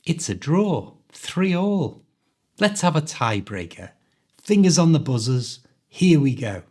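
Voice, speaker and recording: A man with a mild Liverpool Scouse accent, hosting an accent quiz in a clear, teacherly way. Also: a little high, sing-song, slow pace, warm tone. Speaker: podcast host, English teacher. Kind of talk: quiz host, scripted podcast.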